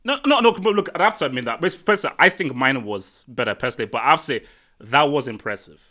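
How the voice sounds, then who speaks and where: A man hosting a casual live football stream, teasing and boastful, talking excitably to his guest and the chat. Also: medium pitch, quick pace. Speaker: livestream host.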